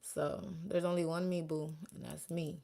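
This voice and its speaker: A woman's voice: deep voice, normal speed, vocal fry. A young woman chatting casually with her viewers while doing her makeup. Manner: chatty, animated, talks to viewers and chat. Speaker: beauty vlogger and makeup artist.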